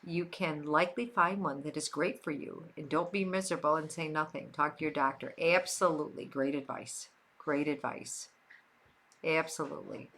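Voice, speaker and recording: With a voice that sits low and fairly even intonation, an older woman from Western New York hosts a livestream at a moderate pace. Her tone is fairly bright as she casually answers viewers, repeating phrases for emphasis.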